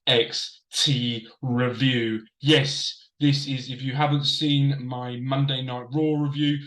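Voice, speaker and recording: A man's voice: mid-range voice, steady tone, slow pace, fairly bright tone, roomy sound, low-quality recording. A man hosting a casual wrestling review show, chatting straight to camera from a desk and repeating himself for emphasis. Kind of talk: casual commentary. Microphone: desk camera setup.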